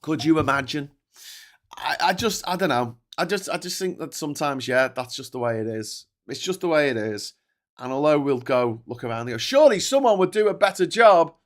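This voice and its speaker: Hosting a political livestream, this posh-Scouse-accented man talks fairly quickly in a medium, fairly bright voice. His delivery is loose, rambling and full of swearing, stopping and starting again and again while he reads and answers the chat.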